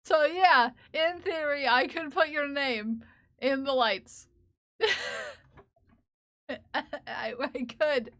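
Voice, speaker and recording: High, bright-voiced woman streamer. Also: slow pace, long pauses. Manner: playful mock-scolding of chat; giggly and teasing. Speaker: live streamer. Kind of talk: casual live-stream chat while knitting.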